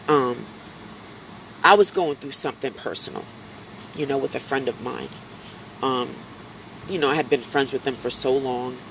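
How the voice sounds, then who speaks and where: A woman's voice: deep voice, slight background noise, poor audio. Chatty woman telling stories on a live stream. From United States. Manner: chatty, animated storytelling, many fillers. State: slightly drowsy with allergies. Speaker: animal welfare advocate streaming live to followers. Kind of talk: casual live-stream talk.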